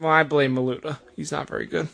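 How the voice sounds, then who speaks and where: A man's voice: fairly high pitch, steady tone, quick pace, creaky, a bit bright. A man co-hosting a casual podcast, an eager fan who gets defensive. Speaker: podcast co-host. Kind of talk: casual wrestling chat.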